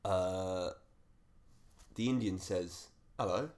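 A man's voice: lowish voice, lively intonation, normal speed, fairly bright tone. A man co-hosting a comedy podcast, rambling and laughing at himself. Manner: laughing, rambling, self-mocking. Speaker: co-host. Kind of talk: casual comedy podcast chat.

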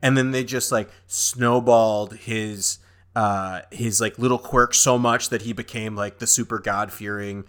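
A man's voice: lowish voice, fairly even intonation, unhurried, a bit bright. A young man co-hosting a podcast in casual chat, rambling with fillers and doing goofy impressions. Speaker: podcast co-host.

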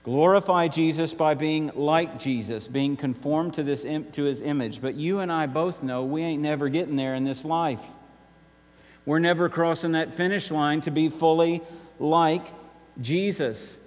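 A man's voice: a little high, normal speed. Emphatic male preacher in a reverberant hall. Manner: emphatic preaching, repeats key phrases, rises and drops sharply. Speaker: pastor. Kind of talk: sermon.

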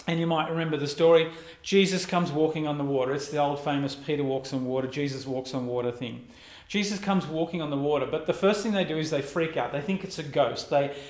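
Pastor preaching in an echoey room. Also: male voice, fairly high pitch. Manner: reflective, conversational preaching with pauses. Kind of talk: sermon.

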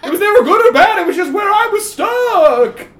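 A woman voicing a nervous, nebbish male ghost who talks in a high, frantic voice. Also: expressive, moderate pace, roomy sound. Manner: high-pitched, frantic, shouty.

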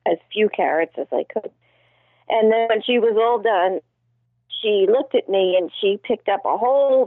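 A woman in casual conversation, telling gentle anecdotes in a deadpan way. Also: mid-range voice, no room sound. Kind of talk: casual chat. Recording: tinny phone line.

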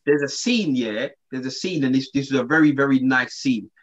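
A man, co-hosting a casual chat and telling a story in relaxed slang with many restarts. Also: mid-range voice, a little fast. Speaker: podcast co-host. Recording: slightly dull lo-fi sound.

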